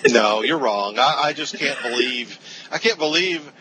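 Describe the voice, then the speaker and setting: A man's voice: mid-range voice, animated, unhurried, sharp tone, slight background noise, rough recording. A man giving firm, emphatic opinions as an awards pundit in a casual panel debate.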